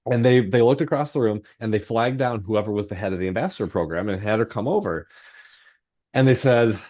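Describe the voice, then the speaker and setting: In a podcast interview, a man who writes novels rambles through a self-deprecating story, leaning heavily on fillers. He talks briskly in a low, darkish voice, and the audio is lo-fi.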